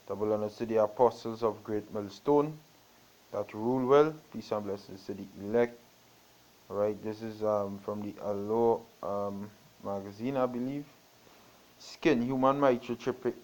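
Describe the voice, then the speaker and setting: A man's voice: mid-range voice, a little mellow, low-quality recording. Man preaching and reading scripture emphatically. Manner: reads aloud with asides, rising to emphatic.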